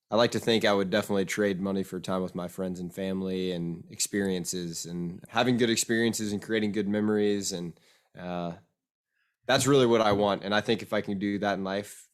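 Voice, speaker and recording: A young man on a podcast, thoughtful and halting, with frequent restarts. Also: on the low side, steady tone. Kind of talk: casual chat.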